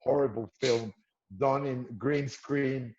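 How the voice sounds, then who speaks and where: A man's voice: mid-range voice, steady tone, slow, darkish tone, a little hiss or hum. Mexican-born guy rambling on a podcast, muffled mic, mid voice. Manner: rambling, lots of like and uh. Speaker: comedian guest. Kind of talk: casual comedic chat.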